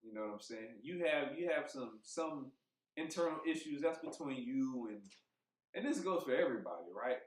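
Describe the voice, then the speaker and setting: A man co-hosting a podcast, talking in a heated, emphatic way, swearing freely and thinking out loud with restarts. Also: medium pitch, animated, normal speed. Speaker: podcast co-host. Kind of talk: casual podcast chat. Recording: roomy echo.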